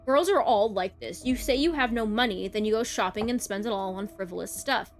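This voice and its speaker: A woman's voice: mid-range voice, a little fast, faint music behind, natural voice. A woman reading aloud the part of a young man, a controlling, angry boyfriend, in a harsh, accusing way. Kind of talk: reading a visual novel aloud.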